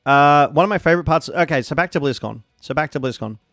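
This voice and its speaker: A man streaming a game who chats casually and gets excitable, greeting his chat and reacting loudly to the action. His voice sits a little high for a man and has a gravelly, fry-tinged edge. The sound is dry and close, with faint music underneath. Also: fast, dry recording. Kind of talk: casual live-stream chat while gaming.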